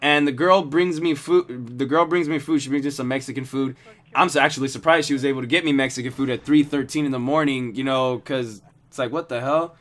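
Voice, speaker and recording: A man's voice: mid-range voice, steady tone, a little fast, a bit bright. A man telling a story casually over gameplay, rambling and swearing a lot. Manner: rambling, heavily profane. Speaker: gaming video host.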